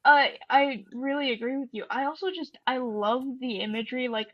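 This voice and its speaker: Woman podcast co-host, slightly high voice, soft and halting, dry dull mic. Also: steady tone, no echo. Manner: soft-spoken, halting with fillers. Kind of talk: poetry reading and casual discussion.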